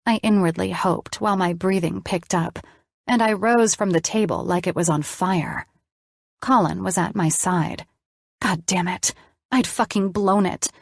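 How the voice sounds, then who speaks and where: A woman's voice: mid-range voice, dry recording, clean studio sound. A woman narrating an audiobook in the first person, reading expressively.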